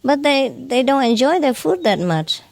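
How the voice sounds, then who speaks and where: A high-pitched woman speaks at a moderate pace, very animated, with some vocal fry and no echo. She's a spiritual teacher giving a chatty, informal lecture, poking fun at herself and her broken English. Many of her phrases end with a questioning "huh?"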